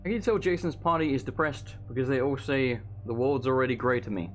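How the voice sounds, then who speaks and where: A let's play commentator with a medium-pitched voice talks briskly over his own gameplay, rambling, chatting, swearing and eating as he plays. Faint game music sits behind him, along with slight background noise.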